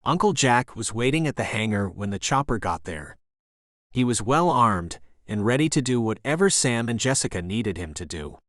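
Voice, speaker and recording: Male thriller narrator, mid-range voice, even storytelling read, dry booth sound. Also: medium pitch, moderate pace, no room sound. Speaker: audiobook narrator.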